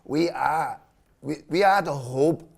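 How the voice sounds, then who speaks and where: Man, football fan guest, fired-up, stammers and swears, slightly high voice. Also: takes it slowly, gravelly. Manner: passionate, stammering restarts, swearing. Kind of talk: heated football debate.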